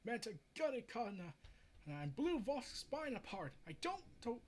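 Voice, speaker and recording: A man's voice: very high-pitched, sing-song, a little slow, voice pushed up, heavily acted. A man voicing an angry, defiant young male comic-book hero, speaking in a raised, strained voice. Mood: strained anger.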